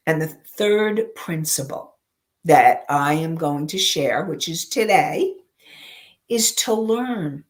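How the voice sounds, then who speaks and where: A woman coach giving a teaching talk, speaking slowly and deliberately, pausing often and using personal examples. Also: on the low side. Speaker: emotional intelligence coach.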